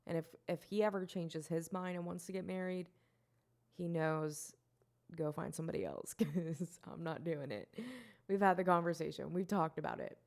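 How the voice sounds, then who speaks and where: A woman's voice: sits low, vocal fry, darkish tone. A woman in her twenties hosting a solo podcast, rambling and self-mocking, swearing and laughing often. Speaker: podcast host.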